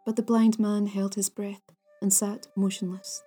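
A woman narrating old ghost stories in a hushed, measured way, at times near a whisper. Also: mid-range voice, little pitch movement, slightly rough, soft background music. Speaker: storyteller, podcast host.

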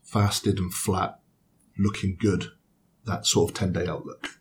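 Laid-back low-voiced man recounting. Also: little pitch movement, a little slow, a little hiss or hum. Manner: laid-back, rambling recap with fillers. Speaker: bodybuilder guest. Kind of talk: casual podcast chat.

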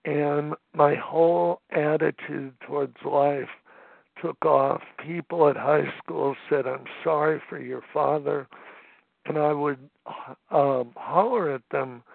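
Man, seventies, gravelly voice, slightly high pitch, halting testimony, phone-line sound. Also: steady tone, no room sound. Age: 70s. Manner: halting, with many fillers and restarts. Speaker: speaker sharing his recovery story. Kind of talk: personal testimony at a phone meeting. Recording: tinny phone line, dry.

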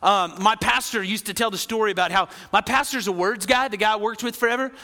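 Pastor guy preaching, high tense voice, lots of "right?", big echoey church. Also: fast talker. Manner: animated, acts out quoted voices, asks the crowd "right?". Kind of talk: sermon.

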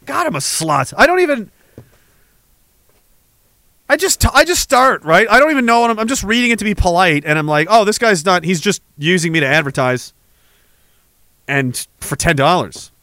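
A man's voice: high voice, lively intonation, moderate pace, pauses often, pushed and bright, dry recording. A man hosting a livestream, reading chat messages aloud in a rambling, profane, sarcastic way.

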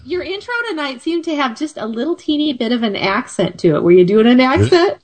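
A woman hosting a paranormal radio talk show, relaxed and chatty, poking fun at herself. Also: high voice, brisk. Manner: relaxed, chatty, self-deprecating. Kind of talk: casual chat.

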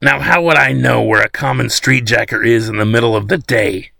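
A man's voice: medium pitch, brisk, gravelly, pushed and bright, no echo, exaggerated voice. A man voicing an elderly man who insists and pleads, breathless and shaken. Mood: insistent. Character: elderly man, frightened but stubborn.

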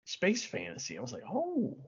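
A man with a bright, sharp tone and a lively, swooping pitch banters on a podcast. He teases with sarcastic, mock-angry jabs. The audio is slightly dull and lo-fi. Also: normal speed. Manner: playful mock outrage, sarcastic teasing. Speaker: podcast co-host. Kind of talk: casual chat.

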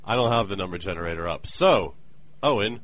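Brief: low-pitched male podcast host, lively swinging delivery, playful and joking. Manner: playful, jokey, with quick put-on voices. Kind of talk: casual chat. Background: skype call with co-host.

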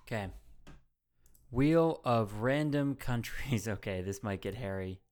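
A man's voice: mid-range voice, lively intonation, unhurried, a little mellow. A man hosting a podcast in casual banter, brash and joking, swearing freely. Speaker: podcast host.

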